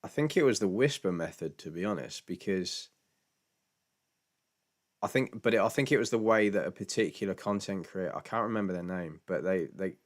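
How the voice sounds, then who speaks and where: A man's voice: sits low, a little fast. A British man hosting a casual live stream Q&A, chatty and laughing often, with stammering restarts and jokey mock voices when quoting people. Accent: British English. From Britain.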